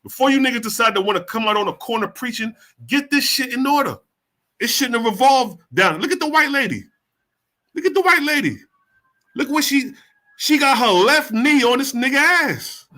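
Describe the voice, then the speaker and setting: A man's voice: extremely high pitch, expressive, moderate pace, sharp tone. A man hosting a reaction show, preaching heatedly and firing off rhetorical questions, with heavy profanity. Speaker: host reacting to a video. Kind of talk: profane street-preaching commentary.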